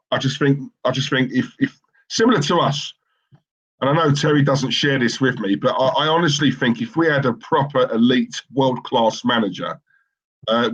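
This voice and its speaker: A man's voice: mid-range voice, muffled recording. A man co-hosting a live football watchalong stream, chatting casually and reading out viewer comments in a rambling, opinionated way with lots of fillers and restarts.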